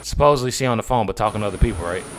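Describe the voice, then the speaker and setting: A man's voice: on the low side, animated, rapid-fire, slight background noise. Rambling man talking straight to his viewers. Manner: rambling, repetitive, addresses viewers as y'all. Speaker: political commentary vlogger. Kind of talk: casual commentary.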